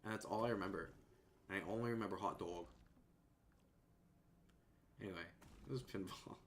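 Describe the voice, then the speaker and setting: A man streaming and chatting casually at a desk microphone in a rambling, laid-back way that often trails off softly. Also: low voice, moderate pace. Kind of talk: casual chat.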